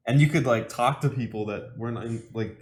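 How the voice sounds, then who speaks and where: A man on a podcast tells an anecdote in a relaxed, amused way. His voice sits in a typical middle pitch for a man, and he keeps the conversation easy and informal. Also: a little fast, a little hiss or hum. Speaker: podcast co-host. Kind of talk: casual chat.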